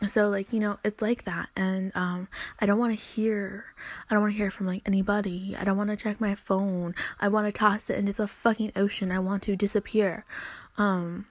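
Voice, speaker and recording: Young woman, solo podcast rant, profane, rambling, mid-pitched, dry close sound. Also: level tone, moderate pace, dry recording.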